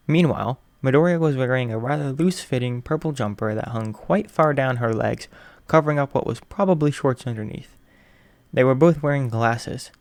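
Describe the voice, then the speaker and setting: A man narrating a fan fiction story in an even, unhurried reading. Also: mid-range voice, dry recording. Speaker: audiobook reader.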